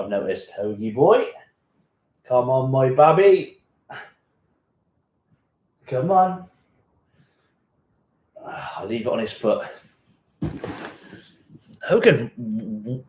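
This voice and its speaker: Jokey man with a West Country twang. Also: mid-range voice. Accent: West Country Gloucestershire twang with a touch of Welsh. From England, born in Hereford. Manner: jokey, rambling, laughs often. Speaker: fitness channel host. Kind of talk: casual live-stream chat reading comments. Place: cold home gym shed.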